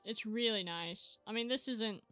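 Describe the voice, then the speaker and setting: An excitable woman commenting on her own gameplay, her voice bright and a little high. She chats straight to her viewers and breaks into sudden yelps and exclamations, with faint music playing under her. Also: measured pace. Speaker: gaming channel host. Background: faint background music.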